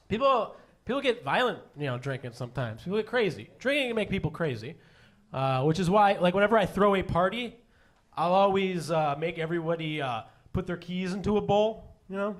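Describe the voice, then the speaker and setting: A man doing a stand-up comedy set, self-deprecating and halting, with many fillers and restarts. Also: high-pitched, animated. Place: comedy stage before a live audience.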